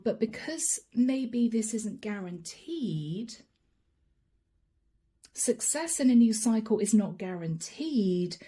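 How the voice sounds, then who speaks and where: A woman's voice: a little high, dark tone, husky. A woman giving a channeled tarot reading, chatting straight to her viewers and laughing often. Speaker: tarot reader.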